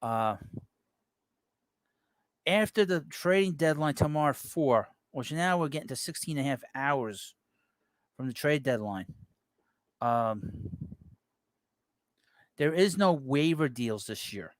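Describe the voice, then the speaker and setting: An animated man with a fairly high voice takes his time, leaving long pauses, and there's no echo. Hosting a live baseball chat show, he rambles as he reads viewer messages and reacts to them casually.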